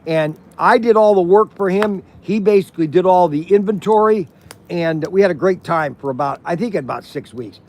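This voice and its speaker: A man's voice: high voice, moderate pace, a little mellow. Older man telling rambling stories. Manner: rambling, acts out quoted voices. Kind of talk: casual storytelling. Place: outdoor campfire at an RV park.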